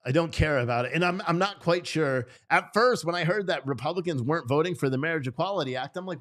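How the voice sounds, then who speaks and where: A man's voice: fairly high pitch, fast, few pauses, fairly bright tone. A man hosting a casual political commentary stream, talking in a rambling, profane way that keeps interrupting itself. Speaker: host.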